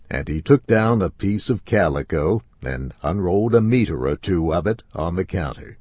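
A man reading a first-person story aloud in a slow, expressive way. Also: deep voice, no room sound. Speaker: narrator.

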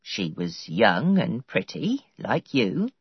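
A woman voicing a kind, simple older housekeeper in a storybook reading, speaking plainly and gently. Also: very deep voice, wildly swooping pitch, takes it slowly, breathy edge, no room sound, pitched below the performer's own voice, exaggerated voice. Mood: gentle. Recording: dull lo-fi audio.

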